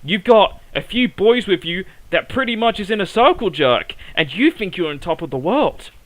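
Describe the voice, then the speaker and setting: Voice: medium pitch, sing-song, normal speed, no echo, poor audio. A wrestler cutting a heated promo, bitterly accusing a rival of ruining everything. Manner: bitter, accusing, building to a shout.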